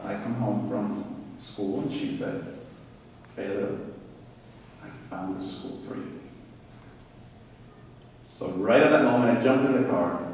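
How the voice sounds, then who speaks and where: A man's voice: mid-range voice, a little hiss or hum. A man in his thirties from Puerto Rico, telling stories as a guest speaker at a school assembly. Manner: animated storytelling. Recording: echoey hall from far off.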